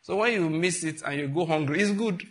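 Pastor guy preaching, chatty, laughs a lot, bright forceful voice. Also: fairly high pitch, a little fast. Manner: conversational, laughing asides, rhetorical questions. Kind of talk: sermon.

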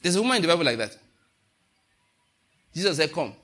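Lively, bright-voiced preacher man. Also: fairly high pitch, a little fast. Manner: animated, storytelling with laughter and acted-out quotes. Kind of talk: sermon.

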